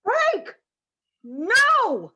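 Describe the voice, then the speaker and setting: A woman playing a high, tearful fed-up mom. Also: a bit bright, rough recording. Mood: indignant. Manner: theatrical, tearful, halting. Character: emotional middle-aged mother, fed up with family trips. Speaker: mother. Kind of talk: amateur radio-play acting.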